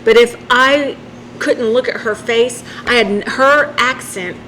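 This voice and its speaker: A woman's voice: on the high side, a little slow, fairly bright tone, slight background noise, rough recording. A woman from southern Illinois with a country accent, hosting a casual podcast chat and telling stories with frequent laughs. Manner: chatty storyteller, laughs often. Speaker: podcast host.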